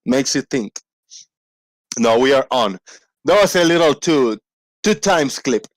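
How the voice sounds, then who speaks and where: A man hosting a casual livestream, rambling playfully and reading out shout-outs to viewers. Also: mid-range voice, lively intonation, unhurried, no room sound, clean studio sound. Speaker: livestream host. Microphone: desk microphone.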